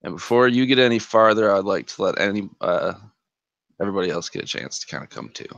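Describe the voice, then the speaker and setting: A man's voice: deep voice, animated, fast, gravelly, a bit bright, no room sound, dull audio. A man narrating as game master of a tabletop game, rambling with many fillers.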